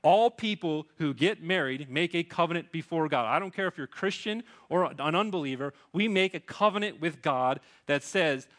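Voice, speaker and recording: A man's voice: on the high side, animated, normal speed, hardly any pauses, fairly bright tone. A man in his thirties preaching a sermon as pastor, earnest and pleading, with frequent restarts.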